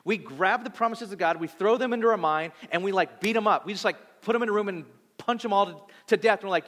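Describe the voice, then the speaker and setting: A man in his thirties preaching a sermon, animated, acting out voices and swinging between loud and soft. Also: high-pitched, fast, few pauses. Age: 30s. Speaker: pastor. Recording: long hall reverb.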